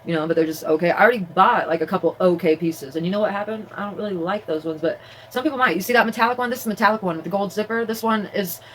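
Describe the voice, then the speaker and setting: Fast-talking, rambling woman vlogger. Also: medium pitch, slight background noise, poor audio. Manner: chatty, rambling, many fillers and restarts. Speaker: vlogger and crafter. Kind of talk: casual rambling vlog. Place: at home, indoors.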